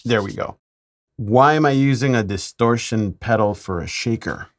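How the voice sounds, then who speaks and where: A man, a mix engineer, talking through a mixing tutorial in a relaxed way with playful asides. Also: medium pitch, normal speed.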